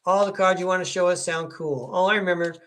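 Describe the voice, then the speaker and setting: A man's voice: high-pitched, fairly even intonation, fast talker, a bit bright. A middle-aged man giving a chatty, upbeat live tarot reading and speaking to viewers by name. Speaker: tarot reader hosting a live stream.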